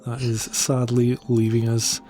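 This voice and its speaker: An easygoing man co-hosting a podcast, with dry jokes in a casual chat. His voice sits at a middle pitch. Faint music plays underneath. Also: completely flat delivery, a little slow, dark tone. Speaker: podcast co-host.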